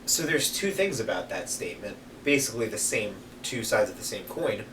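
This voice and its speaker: A man's voice: fairly low pitch, fairly quick. Rambling american man in an echoey room. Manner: rambling, swears for emphasis, lively when telling stories. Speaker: podcast co-host. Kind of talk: casual chat over beers. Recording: echoey room, mic at a distance, faint background noise.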